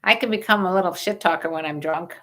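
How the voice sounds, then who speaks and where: Older woman host, low voice, frank and jokey livestream banter. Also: fast talker, bright, forceful tone. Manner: bawdy, joking, reads viewer questions. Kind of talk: casual livestream chat.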